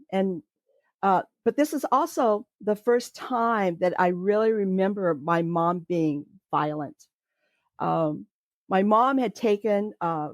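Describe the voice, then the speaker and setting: A woman's voice: medium pitch, no echo, studio quality. An older woman telling a personal childhood story in a reflective, hesitant way, with many fillers. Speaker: storyteller recounting her childhood.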